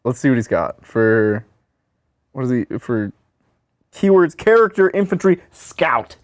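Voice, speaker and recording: A man co-hosting a casual gaming podcast with a lively, swinging pitch. He explains rules in an animated way and laughs easily. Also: unhurried. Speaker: podcast co-host. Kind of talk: casual chat answering questions.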